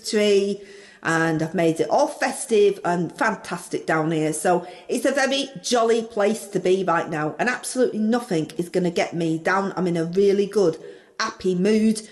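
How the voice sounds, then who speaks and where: A woman's voice: mid-range voice, natural voice. A brash, chirpy parody of a female politician with a broad Northern English accent, as a comedic actress plays her. She rambles through a self-mocking story in a chatty, cheeky comedy-sketch monologue, full of asides.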